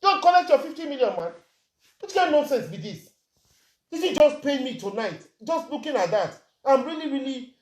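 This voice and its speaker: With big swings in pitch, a high-sitting voice and a moderate pace, this Nigerian social media commentator delivers an angry vlog rant in a roomy-sounding space. She's indignant, throwing out rhetorical questions and shifting between Pidgin and standard English.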